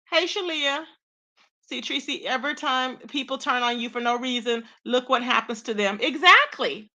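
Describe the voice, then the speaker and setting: A sassy woman streamer with a high, bright voice, chatting live and calling out to her viewers by name. She talks with animated, drawn-out emphasis. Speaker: livestream host. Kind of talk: casual live-stream commentary.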